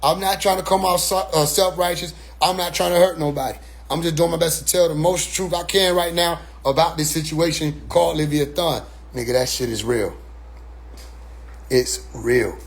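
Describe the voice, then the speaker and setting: Male streamer, raised pitch and a raspy edge; loose, animated talk full of restarts. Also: moderate pace. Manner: animated, repeats words as he restarts. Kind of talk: casual spoken monologue.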